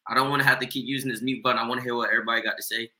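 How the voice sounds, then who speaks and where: A man's voice: medium pitch, little pitch movement, rapid-fire, noisy background. A man firmly asking a debate group to stay respectful and take turns. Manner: firm, calls for respect.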